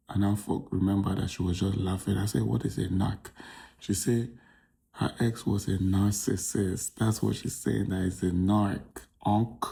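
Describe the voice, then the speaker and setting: This young Nigerian man hosts a comedy podcast, telling a disastrous date story in an exasperated, audience-facing way. His voice sits low and dark with a gravelly fry, and his tone stays warm and mellow. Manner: exasperated, addresses audience as ladies and gentlemen. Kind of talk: comic storytelling monologue.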